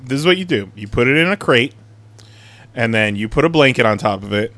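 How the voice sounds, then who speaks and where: A man drops short, dry jokes into a casual podcast chat. His voice sits at an ordinary middle pitch. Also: expressive, a little fast, fairly bright tone, no room sound. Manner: dry joking interjections. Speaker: podcast co-host.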